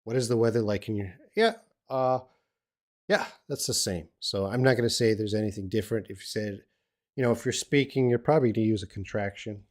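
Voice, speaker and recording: This older man, an Australian English teacher, speaks fairly quickly in a fairly low voice as he casually handles viewer questions on a live stream lesson. He's relaxed and rambling, often restarting sentences and using fillers.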